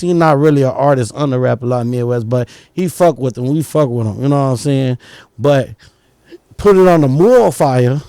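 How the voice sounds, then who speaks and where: Rambling man with a gravelly voice. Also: medium pitch, warm tone, no room sound, clean studio sound. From Chicago. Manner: rambling, keeps saying "you know what I'm saying". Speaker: rapper guest. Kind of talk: casual storytelling interview. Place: studio.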